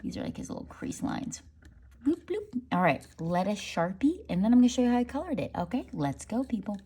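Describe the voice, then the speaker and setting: A woman's voice: mid-range voice, big pitch swings, fast talker, warm tone, husky. A woman leading a casual drawing tutorial, chatty and playful, making silly sound effects as she draws. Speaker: art teacher.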